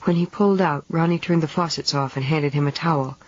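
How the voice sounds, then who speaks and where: A narrator giving a steady, measured reading of a novel. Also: medium pitch. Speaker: audiobook narrator. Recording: dull lo-fi 1970s audiobook tape.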